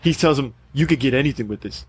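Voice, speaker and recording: A man's voice: mid-range voice, fast talker, slightly rough, no room sound. A man co-hosting a casual movie chat, easygoing, mostly giving short agreeing replies. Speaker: podcast co-host.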